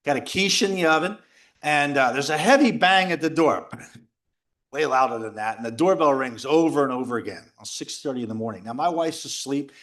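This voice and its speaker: A middle-aged man at a men's retreat tells a personal story in a jokey, animated way, acting out others' voices and shouts. His mid-range voice runs a little fast in this lively storytelling talk, given in a retreat house before a live audience.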